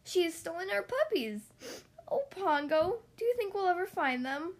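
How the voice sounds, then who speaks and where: A woman's voice: big pitch swings, moderate pace. A woman voicing a frantic, sobbing mother dalmatian in a storybook reading. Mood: distraught. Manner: high, pleading, sobbing.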